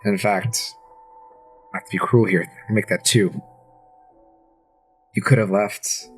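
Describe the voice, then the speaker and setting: A man's voice: fairly low pitch, steady tone, unhurried, slightly rough, soft background music. A man narrating a tabletop game as game master, with descriptive, dramatic narration.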